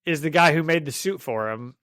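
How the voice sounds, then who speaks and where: Brief: lively podcast host, man, slightly high voice, dry close mic. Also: fairly quick, no echo. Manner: animated, laughs often, acts out quotes. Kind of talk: casual comic book podcast chat.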